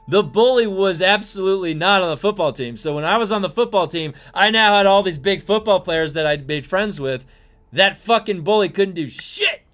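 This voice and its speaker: Animated male streamer, lively high voice. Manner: animated, acts out quotes in a high voice; profane, laughs often. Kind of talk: casual live-stream chat.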